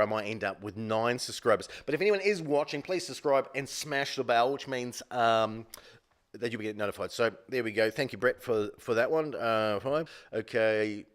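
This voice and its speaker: A man hosts a live quiz with a middling voice, wandering off track and joking at his own expense. He fills his pauses with plenty of ums and uhs. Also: mid-range voice. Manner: rambling, self-deprecating, many fillers. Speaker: quiz show host. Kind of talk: live-streamed casual quiz hosting.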